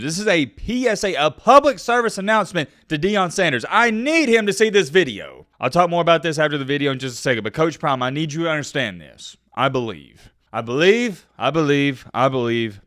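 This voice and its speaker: A man giving casual sports commentary, animated and excitable, talking straight to his viewers. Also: medium pitch, no echo, studio quality.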